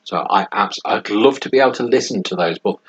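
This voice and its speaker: A man's voice: on the low side, a little fast, a bit bright, husky. A man co-hosting a podcast in casual, rambling chat, often laughing as he talks. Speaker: podcast co-host. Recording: dull lo-fi audio with faint noise.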